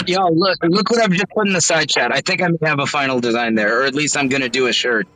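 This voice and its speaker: A man in a casual group chat, animated and emphatic, swearing for emphasis. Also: a little high, fast talker, rough recording. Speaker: guest on a stream.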